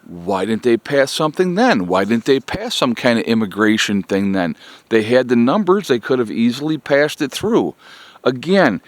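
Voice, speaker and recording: A man's voice: mid-range voice, very animated, moderate pace, dry recording. Exasperated man ranting to viewers. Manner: exasperated, repetitive, keeps addressing "folks". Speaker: political commentary vlogger. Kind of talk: blunt political rant to viewers.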